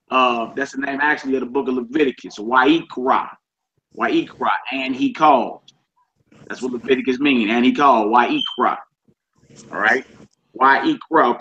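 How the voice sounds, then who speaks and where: Man teaching a relaxed online class. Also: fairly high pitch. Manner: relaxed, repeats each word aloud, slangy asides. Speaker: Hebrew teacher. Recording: slightly dull lo-fi with faint noise.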